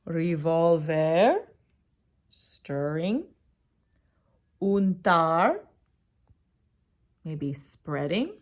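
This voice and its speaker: A woman teacher reads a picture book aloud to young children at a gentle, unhurried pace. Her pitch swings up and down as she prompts the kids with encouraging questions. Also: sing-song.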